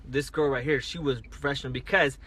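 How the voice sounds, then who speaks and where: A man's voice: medium pitch, steady tone, brisk, fairly bright tone. A man telling a story on a casual phone livestream, rambling, restarting and repeating himself as he talks. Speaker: livestreaming driver. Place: parked car at night.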